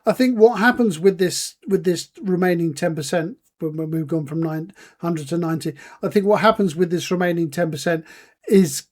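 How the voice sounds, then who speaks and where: A man co-hosting a podcast in casual chat, laying out facts in a measured, informative way with filler words. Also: a little high. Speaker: podcast co-host.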